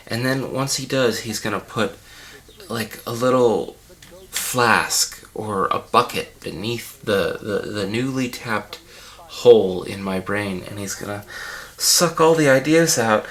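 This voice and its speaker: Putting on the character of a pompous male art-film director, a man rambles through a comedic commentary track, sounding unwell, queasy and dizzy. He speaks slowly in a lowish, bright, forceful voice, swinging from panic to grandeur.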